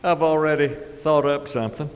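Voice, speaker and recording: A middle-aged man telling a comic story in a drawling, deadpan way, adding sound effects and chuckles. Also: fairly high pitch, normal speed, background noise. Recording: live hall reverb, faint ambience.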